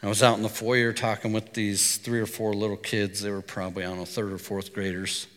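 A middle-aged man preaching a sermon, his voice bright and forceful. He talks like a storyteller, easy and conversational, and the sound rings out with the long reverb of a church hall. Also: fairly low pitch, flat delivery, brisk. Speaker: pastor.

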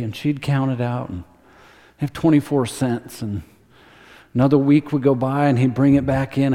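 A man preaching a sermon as a pastor, telling a story earnestly and dropping to a softer, slower voice for emphasis. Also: fairly high pitch, big-room sound.

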